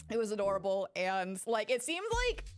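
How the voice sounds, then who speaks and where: A woman chatting casually during a game playthrough, rambling and swearing freely, with big animated swings in her voice as she tells a story. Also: medium pitch, measured pace. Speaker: gaming YouTuber. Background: game music.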